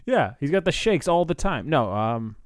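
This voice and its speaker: A man co-hosting a comedy podcast, trading dry quick jokes and laughing often. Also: fairly high pitch, sing-song, no echo. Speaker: podcast co-host. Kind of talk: casual comedic banter. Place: Washington DC area.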